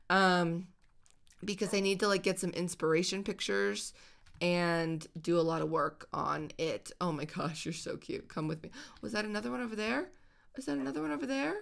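A woman hosting a video game let's-play, chatting excitably and squealing over the pets she finds. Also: mid-range voice, vocal fry. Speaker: host.

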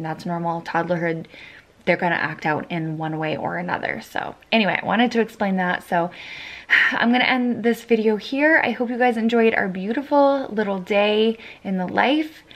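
A woman's voice: on the low side, gravelly, fairly bright tone. A young woman, a single mom, chatting casually to camera in a rambling vlog style with lots of fillers.

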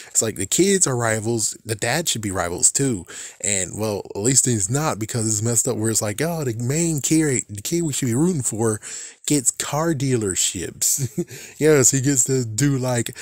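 A man rambling through a casual book review, slangy and quick to laugh, with exaggerated asides. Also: medium pitch, animated, darkish tone, no room sound, clean studio sound.

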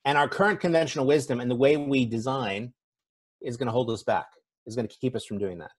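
A man's voice: mid-range voice, fast, slightly rough. A man speaking as a conference speaker in a conversational, self-deprecating keynote, with frequent fillers. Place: event stage.

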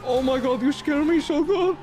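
A male streamer voicing an excitable, easily frightened man in a game role-play, shrieking and pleading. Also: extremely high pitch, normal speed, a little hiss or hum.

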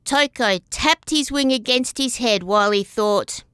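A woman reading a children's story aloud as a storyteller, expressive and sing-song. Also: on the high side, measured pace, clean tone, dry recording, studio quality.

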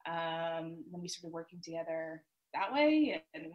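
A woman's voice: low-pitched, lively intonation, a little slow, highs cut off. A woman filmmaker chatting casually as a podcast guest, talking readily with lots of fillers and easy laughter. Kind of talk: casual interview chat.

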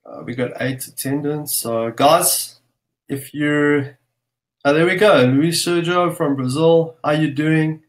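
A man's voice: a little high, slow. A man hosting a live webinar, greeting viewers by name and place in an upbeat, casual way. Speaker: webinar host.

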